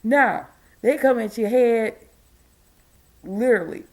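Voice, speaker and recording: A woman's voice: a little high, slow, a little mellow. A tired middle-aged woman, a single mom, ranting to her viewers in an exasperated, emphatic way. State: tired, yawning. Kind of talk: casual ranting vlog.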